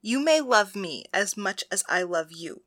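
A woman voicing a young priestess, bright-toned. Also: mid-range voice, expressive, measured pace. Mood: tender. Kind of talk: audiobook dialogue reading.

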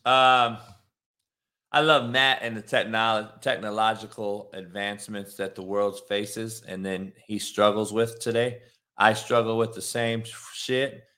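A man hosting a casual sports talk show over a remote call, loud and excitable, swearing freely as he rants. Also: lowish voice, unhurried. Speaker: podcast host. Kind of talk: casual profane sports chat.

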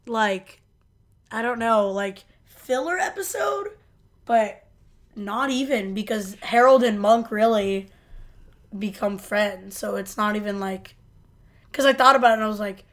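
A woman's voice: mid-range voice, a little slow, fairly bright tone. A young woman co-hosting a casual chat, rambling and giggling as she recaps a TV episode. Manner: giggly, rambling, restarts a lot. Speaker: podcast co-host.

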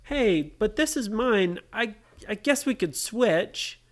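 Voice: mid-range voice, lively intonation, slow, voice pushed up. A parent voicing a feisty young girl in a bedtime story for a child. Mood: stubborn.

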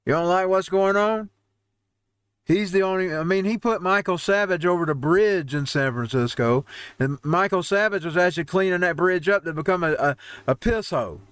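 A man's voice: high voice, normal speed, a bit bright, smooth, no echo. A man hosting a home-made show, ranting over news headlines in a heated, rambling way with frequent restarts. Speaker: host. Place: home newsroom studio.

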